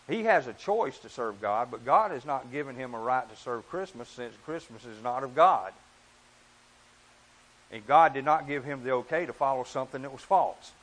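A man preaching a sermon in an earnest, emphatic way, often rising and dropping in pitch and volume. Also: a bit bright, low-quality recording.

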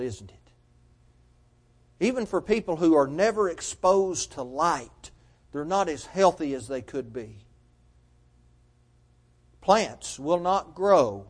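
A man preaching a sermon, emphatic and measured, asking his listeners rhetorical questions. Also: high voice.

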